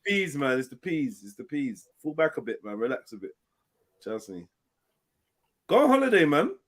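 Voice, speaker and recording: A man's voice: a little high, very animated, normal speed. A man hosting a casual livestream chat, laid-back and slangy.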